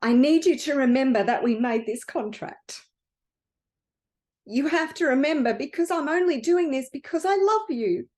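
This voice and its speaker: Brief: quiet, tender little spirit of light, earnest and loving, read by a woman, high voice. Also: lively intonation, normal speed.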